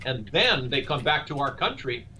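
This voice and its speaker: A man's voice: mid-range voice, big pitch swings, normal speed, pushed and bright. An older man speaking earnestly as a guest in a live interview, asking rhetorical questions like a speech. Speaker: guest, presidential candidate. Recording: dull lo-fi sound with faint noise.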